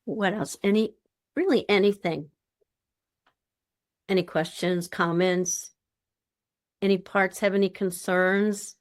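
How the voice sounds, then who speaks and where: A woman's voice: mid-range voice, steady tone, slow pace, pauses often. A woman presenting a workshop in a chatty, informal teaching style. She acts out the voices of the people she quotes.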